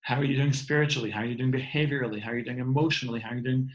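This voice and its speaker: A man's voice: medium pitch, steady tone, very fast, a little hiss or hum, rough recording. A man in his thirties giving an earnest inspirational talk over a video call from home, often repeating words as he goes. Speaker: speaker giving an online talk. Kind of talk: warm inspirational talk to an online audience.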